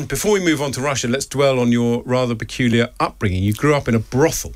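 Man, radio host, studio interview, brisk wry questions, mid-pitched, dry close sound. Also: no echo.

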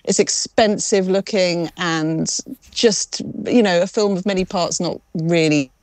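A woman's voice: fairly low pitch, measured pace, no echo. A woman reviewing films in a chatty, wry manner, acting out audience reactions. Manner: chatty, wry, animated storytelling. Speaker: film critic. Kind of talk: conversational film review.

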